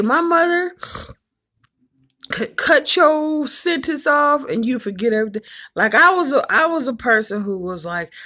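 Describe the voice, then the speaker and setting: A woman in her forties from Cleveland, telling folksy, animated family stories to the camera and hushing her voice to mimic her mother. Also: fairly high pitch. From Cleveland, Ohio. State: emotional, choked up at times. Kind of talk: personal storytelling to camera.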